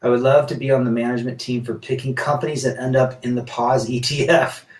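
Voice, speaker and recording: A man's voice: mid-range voice, little pitch movement, fairly quick, echoey room, far from the mic. A man hosting a casual live stream, reading viewer comments aloud and answering in a rambling, blunt way with many restarts.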